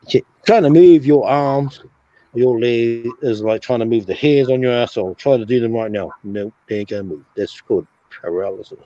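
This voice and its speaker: Over dull lo-fi stream audio with no room sound, a man recounts a sleep paralysis experience on a casual stream. His dark, mid-range voice moves at a moderate pace as he swears a lot and acts out sounds and his own reactions.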